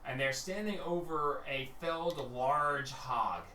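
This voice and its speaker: A man's voice: fairly high pitch, takes it slowly, bright, forceful tone, distant mic. A man narrating as game master for a tabletop game, laid-back and rambling. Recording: echoey room, from off mic, faint noise.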